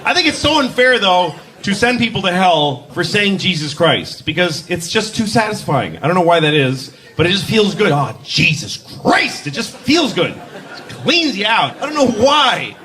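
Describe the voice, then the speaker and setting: A male stand-up comedian with a high-pitched voice performs a set on a comedy stage at a moderate pace. He is animated and mock-outraged, acting out characters in different voices, and the live club recording includes audience laughter.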